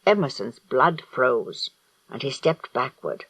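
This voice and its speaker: A man narrating an audiobook in a slow, deliberate storytelling manner. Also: on the high side, animated, fairly bright tone, dry recording, low-quality recording. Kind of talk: scripted narration.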